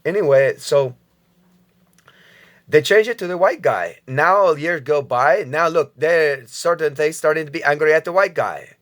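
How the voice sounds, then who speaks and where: A man's voice: on the high side, measured pace, a bit bright. A man from the United States giving a rambling, casual vlog monologue, talking straight to his viewers with frequent profanity and chuckles. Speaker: vlogger commentator.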